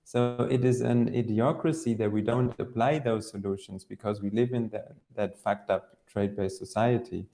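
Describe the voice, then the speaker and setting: A man's voice: on the low side, fairly even intonation, moderate pace, hardly any pauses, warm tone. A man co-hosting a casual podcast conversation, earnest and a little hesitant. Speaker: podcast co-host.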